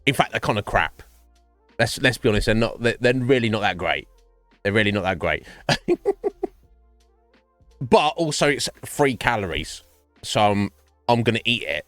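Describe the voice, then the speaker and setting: A man's voice: fairly low pitch, expressive, moderate pace, long pauses, fairly bright tone, no room sound, soft background music. A man chatting casually with his stream viewers, rambling, swearing and laughing often.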